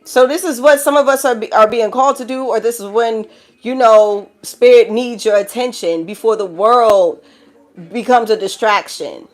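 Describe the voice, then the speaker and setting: A woman's voice: on the high side, normal speed. A woman with a New York accent giving a collective tarot reading, blunt and profane, preaching to viewers and calling them child and baby. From the Bronx, New York. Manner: blunt and profane, laughing through the talk. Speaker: tarot reader.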